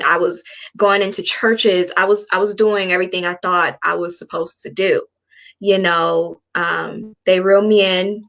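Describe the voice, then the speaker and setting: Woman, twenties, low-pitched guest, candid and earnest storyteller. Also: fairly bright tone. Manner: earnest, frank, acts out past dialogue. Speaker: spiritual coach guest. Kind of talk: personal storytelling in an interview.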